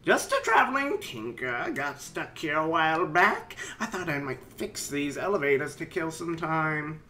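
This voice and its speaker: A matter-of-fact traveling tinker man stuck far from home, as a gamer reads him out. He talks plainly and quickly in a bright, lively voice, over a faint hiss of noise behind. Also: a little high.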